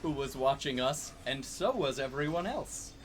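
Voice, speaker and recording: A man co-narrating a comedic dramatic reading in a slow, dry manner. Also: mid-range voice, lively intonation.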